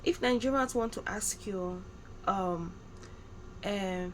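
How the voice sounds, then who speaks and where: A woman's voice: medium pitch, takes it slowly, a little hiss or hum, poor audio. A woman hosting her own channel, chatting casually and acting out slang phrases playfully. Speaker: channel host. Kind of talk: casual vlog commentary.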